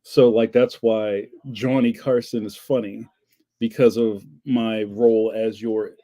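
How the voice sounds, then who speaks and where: Speaking in a lowish, dark-toned voice, this man from Philadelphia hosts a livestream and works casually through viewer comments. He talks a little slowly with a level tone, rambling and joking with frequent laughs.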